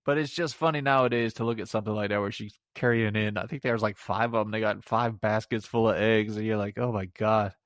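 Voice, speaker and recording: A man's voice: on the low side, fairly even intonation, fast, few pauses, no echo, clean studio sound. A middle-aged man giving a casual solo movie review on a podcast, rambling and sarcastic, laughing at his own jokes.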